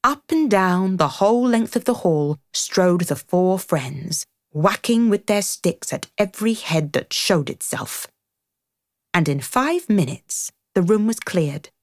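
A woman reading a classic storybook aloud with an expressive, dramatic manner. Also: fairly low pitch, takes it slowly, no room sound, studio quality. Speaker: narrator.

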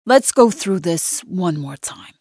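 Gruff, pressing middle-aged NYC cop for a thriller audiobook, put on by a woman narrator, raised and a little louder than her own voice, dry close sound. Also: lowish voice, expressive, slow pace, no room sound, heavily acted. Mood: probing. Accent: New York, as put on. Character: gruff middle-aged male NYC detective, stocky, probing.

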